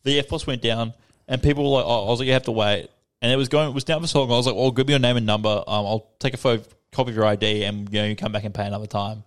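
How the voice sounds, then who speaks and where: Fast-talking Australian guy, swearing. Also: mid-range voice. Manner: swearing, storytelling, animated retelling. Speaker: podcast co-host. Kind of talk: casual chat.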